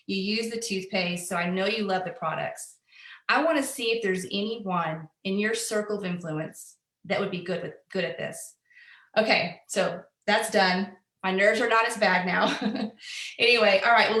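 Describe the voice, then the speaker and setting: A woman's voice: mid-range voice, fairly bright tone. Woman showing her team how to leave a voicemail, nervous but pumped, roomy echo. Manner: chatty, openly nervous but upbeat. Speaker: sales team presenter. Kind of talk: demonstrating a voicemail invite.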